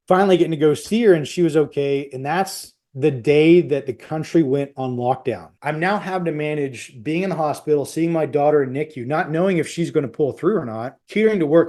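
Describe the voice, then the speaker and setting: A middle-aged man recounting a hard night as a podcast guest, his voice sitting a bit higher than most men's. He talks in rushing, broken phrases and slips into the voices of the people he quotes. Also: warm tone. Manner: intense, tumbling retelling with quoted dialogue. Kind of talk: personal storytelling.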